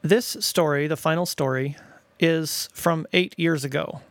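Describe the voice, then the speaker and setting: A middle-aged man reading his own family stories aloud in a wry, gently playful way, recorded close to the mic. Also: fairly high pitch, measured pace, creaky, dry recording. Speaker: storyteller, father.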